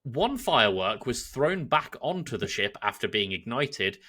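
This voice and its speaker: An English man telling a historical story as a podcast co-host, his voice bright and full of swing, and he laughs often as he goes. The delivery is a casual chat rather than a script. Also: mid-range voice, big pitch swings, unhurried. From England.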